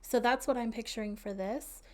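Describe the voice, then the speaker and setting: A woman's voice: a little high, steady tone, moderate pace. A woman chatting casually through a voice-over about her build, laughing often and adding friendly asides, with the hiccups. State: has the hiccups. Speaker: game builder narrating a build video.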